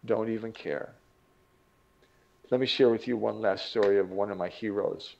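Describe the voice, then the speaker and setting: A man with a gravelly, fry-edged voice tells a motivational story in an earnest, lively way. The recording sounds slightly dull and lo-fi, like a modest home setup. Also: fairly low pitch, a little fast. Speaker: motivational teacher. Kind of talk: storytelling lecture.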